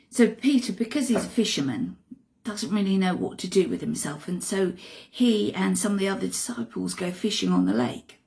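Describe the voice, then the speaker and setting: A woman retelling a Bible story in an expressive way, dropping to hushed asides. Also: medium pitch, vocal fry.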